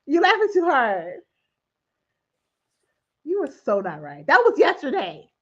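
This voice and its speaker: A woman co-hosting a casual podcast chat, expressive and teasing, laughing often. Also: high voice, measured pace, dull audio. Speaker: podcast co-host.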